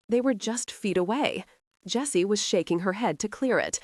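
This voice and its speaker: A woman reading a historical romance audiobook in a steady, expressive scripted narration. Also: mid-range voice, moderate pace, no room sound, clean studio sound.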